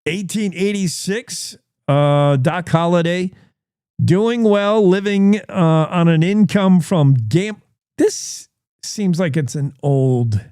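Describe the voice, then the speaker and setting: A man's voice: sits high, warm tone, clear, resonant tone, no room sound, clean studio sound. A male radio host reading the news and history notes in a casual, rambling way, stopping to comment on what he reads. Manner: slow, rambling, self-interrupting reads with asides.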